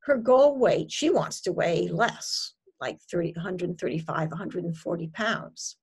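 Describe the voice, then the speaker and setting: A woman dietitian giving a presentation, explaining her method step by step in a measured way with frequent ums. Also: lowish voice, slightly rough. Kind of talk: presentation to an audience.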